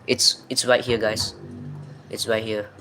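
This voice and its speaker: A man's voice: lowish voice, little pitch movement, over music, poor audio. A young man hosting a livestream, reading out viewer comments one after another and apologizing often. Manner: reads viewer comments in quick succession, apologetic. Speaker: livestream host. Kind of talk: reading live chat aloud.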